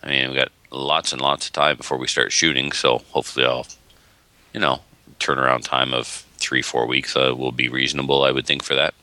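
A man with a very deep voice that still cuts through with a bright, forward edge. He co-hosts a relaxed podcast, rambling through long stories and acting out the voices of people he quotes. The sound is dry and close, with no room around it. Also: fairly quick, clean tone, no echo. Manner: rambling, animated storyteller, acts out quoted voices. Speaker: podcast co-host. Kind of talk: casual chat.

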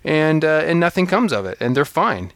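A man's voice: on the high side, very animated, moderate pace, fairly bright tone, no room sound. A man hosting a podcast, chatting casually in an earnest way, laughing often and restarting words. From Canada. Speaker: podcast host. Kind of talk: casual chat.

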